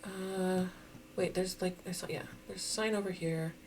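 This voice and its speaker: A woman giving casual, chatty commentary while playing a geography guessing game, thinking out loud and laughing often. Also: on the low side, fairly even intonation, normal speed, a little hiss or hum. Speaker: game streamer.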